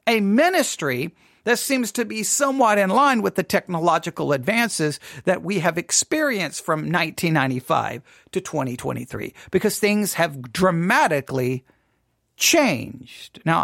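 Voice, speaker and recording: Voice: medium pitch, animated, unhurried, vocal fry, a bit bright, no room sound, clean studio sound. A podcast host talking casually, rambling, repeating words and asking listeners rhetorical questions.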